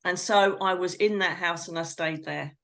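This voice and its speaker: Animated English woman telling a story. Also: on the low side, moderate pace. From England. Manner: animated, acts out her own quoted lines. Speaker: psychic medium guest. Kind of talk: storytelling in an interview.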